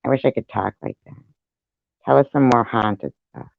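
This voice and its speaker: Man, casual online chat, laughs often, swears freely, mid-pitched, dull lo-fi audio. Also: normal speed, creaky, dry recording. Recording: dull lo-fi sound.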